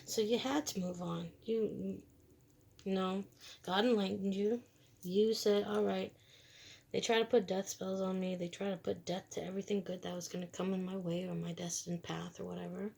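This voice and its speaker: A woman's voice: medium pitch, steady tone, normal speed, vocal fry, darkish tone, husky. A woman doing a casual, rambling tarot reading, talking bluntly in slang and laughing between thoughts. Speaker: tarot reader. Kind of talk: casual spiritual reading monologue.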